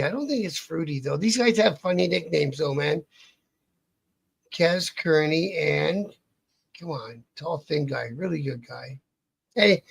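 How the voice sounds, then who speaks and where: A man's voice: on the high side, gravelly, husky. A man telling a long story in an interview, rambling and swearing, restarting his sentences often. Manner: rambling, profane, restarts a lot. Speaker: interview guest. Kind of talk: casual storytelling.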